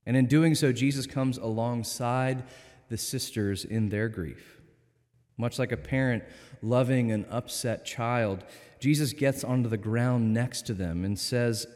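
A man delivers a sermon in a calm, earnest, measured way. His voice has a middling pitch and carries a long reverb from a church interior. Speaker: preacher.

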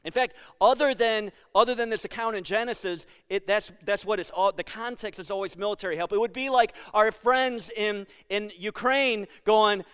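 A high, smooth-toned man delivers a sermon as pastor. He talks to the congregation in a loose, joking way and then drives his points home with emphasis. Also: moderate pace, hardly any pauses, a bit bright. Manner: conversational and jokey, building to emphatic points.

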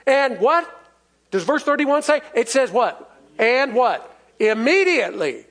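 A man's voice: very high-pitched, sing-song, unhurried, vocal fry, fairly bright tone. A man preaching a sermon in a folksy, emphatic way, asking the congregation for responses and chuckling as he goes.

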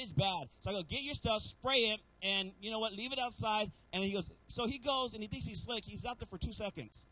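High-voiced pastor preaching a sermon. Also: male voice, poor audio. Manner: animated preaching with repeated calls to the congregation; storytelling with humor.

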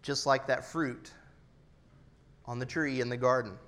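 A man in his thirties preaching an earnest, personal sermon, his loudness rising and falling for emphasis. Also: medium pitch, steady tone, unhurried. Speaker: pastor.

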